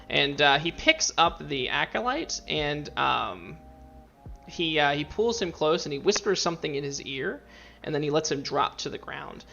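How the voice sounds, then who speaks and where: A man's voice: on the high side, animated, normal speed, creaky, bright, forceful tone, dull audio, soft background music. A man narrating as game master in a rambling way, full of fillers and restarts.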